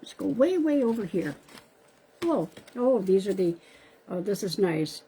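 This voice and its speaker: Woman psychic on a live stream, husky, mellow, chatty, calls viewers by name. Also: mid-range voice, sing-song, measured pace, low-quality recording. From Canada. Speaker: psychic medium. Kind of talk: live-stream card reading. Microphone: live-stream device mic.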